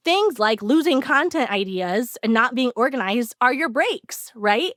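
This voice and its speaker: A woman co-hosting a podcast, telling an animated story in casual chat with lots of "like" fillers. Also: on the high side, moderate pace, hardly any pauses, no echo, clean studio sound. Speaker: podcast co-host.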